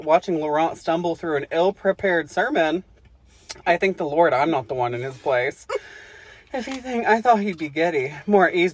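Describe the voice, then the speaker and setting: A woman reading spicy fiction aloud on a podcast, breaking off into giggles and crude jokes. Her pitch swings widely, and she stops and restarts herself often. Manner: giggly, crude, self-interrupting. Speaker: podcast co-host. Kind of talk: reading erotica aloud with banter.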